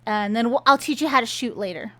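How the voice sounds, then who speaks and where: A woman's voice: fairly high pitch, fast, fairly bright tone, natural voice. A woman voicing an overeager young woman who gushes and chatters. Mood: gushing.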